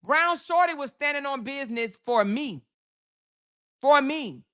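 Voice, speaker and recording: A woman's voice: sits high, lively intonation, a little slow, a bit bright. A woman hosting a livestream, ranting to her viewers in casual, heavily profane commentary. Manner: heated and profane, addressing viewers directly. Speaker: livestream host.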